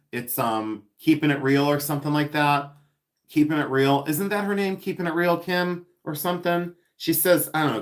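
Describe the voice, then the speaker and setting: Chatty, giggly man hosting a live stream. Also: a little high. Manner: chatty and giggly, reading viewer comments aloud; playful, repeats words for fun. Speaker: live-stream seller and host. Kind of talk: casual live-stream chat while unboxing.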